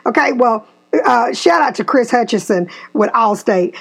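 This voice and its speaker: A woman's voice: on the high side, normal speed, vocal fry, husky. A woman, hosting a podcast and animatedly telling a family story. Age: 50s. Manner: animated storyteller, acts out quotes. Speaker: podcast host. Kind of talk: casual storytelling chat.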